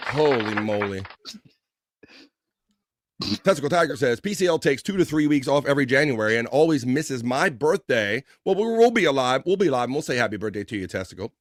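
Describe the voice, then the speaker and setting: A man hosting a casual livestream, reading viewer comments aloud in a loose, joking way with bursts of excitement. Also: mid-range voice, brisk. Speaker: livestream host.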